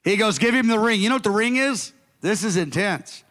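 A male pastor preaching a sermon, acting out the characters' lines slowly and emphatically. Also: high voice, animated, a bit bright, long reverb tail.

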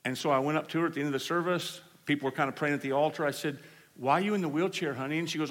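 A man preaching at a healing service, telling stories in an animated way and laughing along with the congregation. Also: on the high side, rapid-fire. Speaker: evangelist. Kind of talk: storytelling sermon. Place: church service. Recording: hall reverb, faint room noise.

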